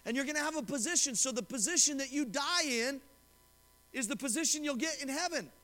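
A man's voice: extremely high pitch, brisk, bright, forceful tone, in a large hall. A male pastor preaching a sermon, reading scripture and retelling a story, often asking the congregation questions. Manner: asks the congregation questions and retells stories with quoted voices. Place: church sanctuary.

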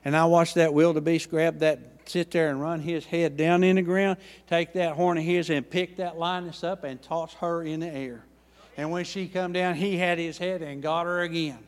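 An older man, preaching a sermon as pastor with passion and swings between loud and hushed delivery. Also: on the high side, fairly even intonation, normal speed.

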